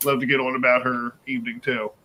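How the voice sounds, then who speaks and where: A man's voice: medium pitch, flat delivery, fast talker, sharp tone. A man co-hosting a live stream over a video call, easygoing and full of fillers. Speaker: co-host. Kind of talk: casual live-stream chat.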